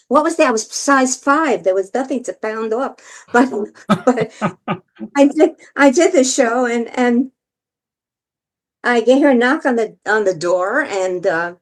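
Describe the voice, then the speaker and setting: An older woman entertainer telling stories as a guest, lively and theatrical, often laughing. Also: on the high side, a little slow. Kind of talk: storytelling interview.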